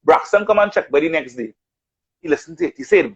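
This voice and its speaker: A man's voice: on the high side, fast, breathy edge, muffled recording. A man telling stories of his music career in casual chat, acting out what others said. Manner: animated storyteller, acts out quotes. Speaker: radio announcer and artist.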